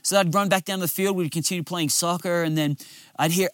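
A man's voice: sits high, fairly even intonation, fast talker, no room sound, studio quality. A man, a lead pastor giving a sermon outdoors by a lake, in an earnest, conversational storytelling way.

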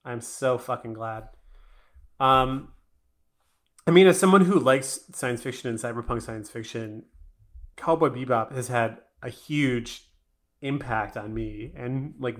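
A man's voice: medium pitch, fairly bright tone. Guy on a podcast, opinionated and cussing a lot, plain mid voice. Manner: blunt, profane, opinionated. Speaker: podcast co-host. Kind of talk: casual chat.

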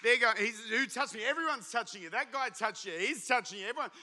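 Man, pastor, passionate sermon, high voice, very bright tone. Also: fast talker. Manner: impassioned, builds to shouting, acts out voices of the story.

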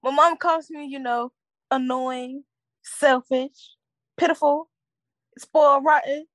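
A woman's voice: high voice, fairly even intonation, slow, a bit bright, no room sound. A teenage girl co-hosting a school podcast in casual, playful chat. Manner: playful, joking. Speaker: podcast co-host.

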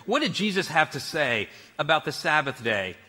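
A man's voice: fairly high pitch, moderate pace, big-room sound. A man preaching a sermon as pastor, telling stories with laughs. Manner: storytelling, animated with laughs.

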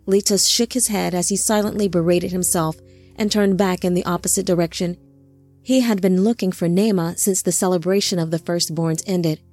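A woman reading a dark fantasy audio drama as narrator, in a slow and deliberate scripted delivery. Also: lowish voice, dry recording, clean studio sound.

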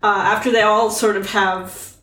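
A woman's voice: mid-range voice, little pitch movement, normal speed, fairly bright tone, reverberant, far from the mic, slight background noise, poor audio. A woman co-hosting a podcast, recapping a movie with hesitant, amused hedging. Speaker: podcast co-host. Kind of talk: casual chat, summarizing a film plot.

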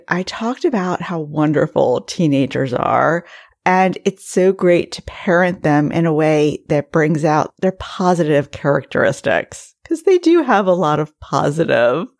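A woman in her forties hosting a solo podcast, telling stories in a warm, chatty way. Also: sits low. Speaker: podcast host. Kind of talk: casual solo podcast talk.

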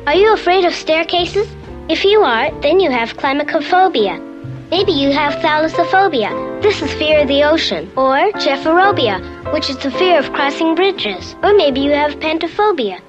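Brief: a bossy young cartoon girl, high and lecturing, old dull soundtrack with music behind. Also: lively intonation. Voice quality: brisk, know-it-all.

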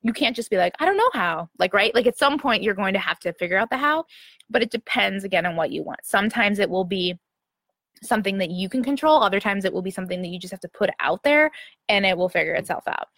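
A woman's voice: medium pitch, lively intonation, quick pace, a bit bright, dry recording. Chatty young woman with a dry sound. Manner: chatty, filler-heavy, often asks "right?". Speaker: livestream host answering viewers. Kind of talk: casual motivational chat.

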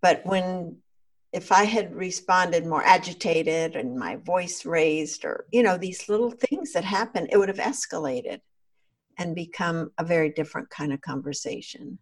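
A woman co-hosting a podcast, speaking in a calm, measured way about conversations. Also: fairly low pitch. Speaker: podcast co-host. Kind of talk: reflective conversation.

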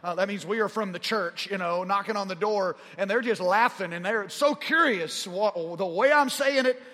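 A man's voice: moderate pace, pushed and bright. A man in his forties from Arkansas with a Southern drawl, telling a story in a sermon and growing fervent as he goes. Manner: rising in pitch and volume as he gets fervent. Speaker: pastor. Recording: long hall reverb.

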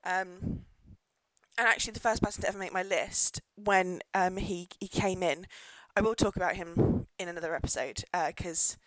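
A woman's voice: on the low side, fairly even intonation, normal speed, no room sound, rough recording. A pregnant woman hosting a casual solo podcast, ranting and laughing, swearing now and then, sometimes turning away from her microphone. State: pregnant, pulling away from mic. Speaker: podcast host, pub landlady. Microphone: podcast microphone, dry close sound.

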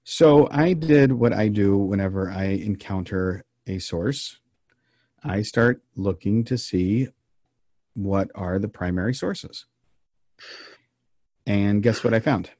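A man co-hosting a podcast, telling an odd story in a casual, meandering way with deadpan jokes. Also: fairly low pitch, slow, long pauses, no room sound, studio quality. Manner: deadpan joking, meandering with frequent ums.

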